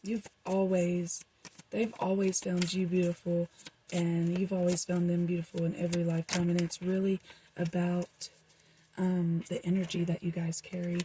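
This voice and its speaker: A woman's voice: fairly low pitch, level tone, normal speed, mellow, a little hiss or hum, low-quality recording. A young woman doing a casual, rambling tarot reading for her viewers, with frequent fillers. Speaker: tarot reader.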